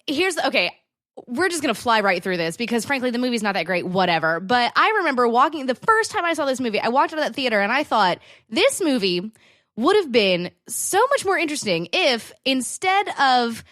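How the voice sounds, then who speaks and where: A woman's voice: a little high, brisk, dry recording, studio quality. A woman in her thirties co-hosting a podcast, ranting about a movie in casual chat with sarcastic, exasperated asides. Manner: animated, sarcastic, exasperated rants. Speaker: podcast co-host.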